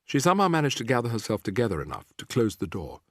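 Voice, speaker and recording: Husky-voiced man reading a storybook aloud. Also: medium pitch, fast talker, dry recording, clean studio sound. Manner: lively, expressive reading. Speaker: audiobook reader. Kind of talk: scripted storybook narration.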